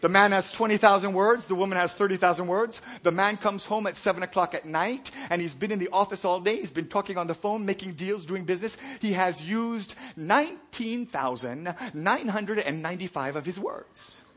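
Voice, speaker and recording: A man's voice: high-pitched, moderate pace, few pauses, a bit bright. A man preaching a sermon, telling jokes and stories to his congregation. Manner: joking, storytelling preacher. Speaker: pastor.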